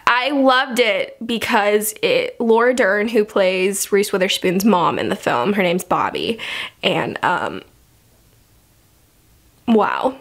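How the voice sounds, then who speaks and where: A woman's voice: mid-range voice, sing-song, slow pace, a bit bright. A young woman doing a casual film review vlog, emotional and close to tears, laughing between her words.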